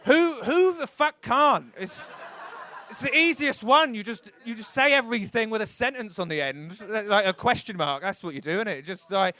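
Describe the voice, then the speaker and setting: Young male stand-up comic, bright tense voice, rambling and animated delivery. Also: high voice, a little fast. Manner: rambling, animated, bursts into loud shouts. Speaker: stand-up comedian. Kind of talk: stand-up routine. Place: comedy club stage.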